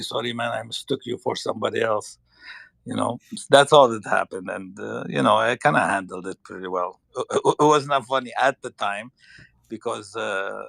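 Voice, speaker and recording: Gravelly low-voiced Lebanese-accented man. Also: a bit bright, no echo. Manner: hesitant, searching for words. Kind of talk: casual storytelling.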